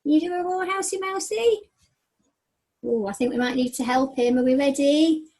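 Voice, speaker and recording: A woman teacher reading a picture book aloud to young children, with animated, sing-song storytelling and puppets. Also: sits high, moderate pace. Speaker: primary school teacher.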